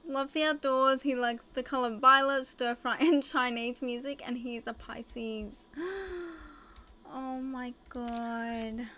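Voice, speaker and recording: A woman casually narrating her own life-sim game, gushing and excitable with frequent gasps and squeals. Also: a little high, slow pace, hardly any pauses, slight background noise. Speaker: gaming video host. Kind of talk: casual let's-play commentary.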